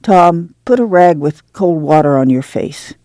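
A woman voicing a weary, steady migrant mother who talks in a soft rural dialect. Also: fairly low pitch, measured pace, no echo, studio quality. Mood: soothing, weary. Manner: soothing, firm, rural dialect. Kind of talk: dramatic book reading.

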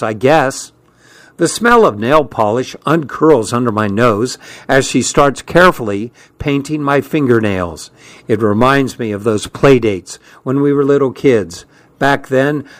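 A man narrating a first-person story at an unhurried, deliberate pace. His voice sits at a mid pitch and stays calm and measured. The sound is dry and close to the mic, with no room around it. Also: no room sound. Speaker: audiobook narrator.

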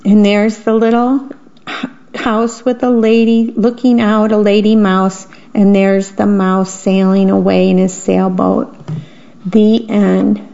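Slow, gentle woman reading bedtime stories. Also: medium pitch, flat delivery, vocal fry. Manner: gentle reading, pausing to describe the pictures. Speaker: volunteer radio broadcaster. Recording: dull lo-fi radio broadcast.

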